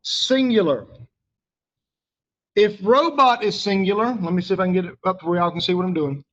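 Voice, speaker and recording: A man's voice: high-pitched, lively intonation, fast talker. A man teaches a grammar lesson, working step by step. He patiently puts questions to the class and waits for their answers. The recording sounds a little dull.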